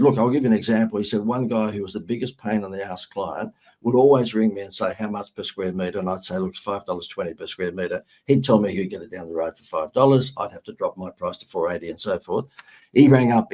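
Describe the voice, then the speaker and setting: A middle-aged man with an Australian accent, a guest on an interview show, telling lively anecdotes with sarcastic humor. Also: lowish voice, husky. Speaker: guest, marketing consultant. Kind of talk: storytelling interview chat.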